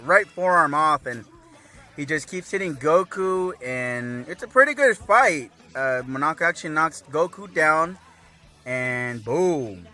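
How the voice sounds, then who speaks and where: A man's voice: fairly high pitch, a little slow, faint music behind. A man casually recapping an anime episode, rambling with lots of fillers. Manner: rambling, filler-heavy, animated.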